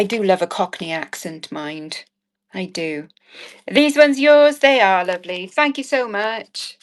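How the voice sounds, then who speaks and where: A woman's voice: fairly high pitch, animated, a little slow. A woman running a live online jewellery auction, chatting in a bubbly, rambling way, with cheeky asides and frequent laughs. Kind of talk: chatty live-stream selling.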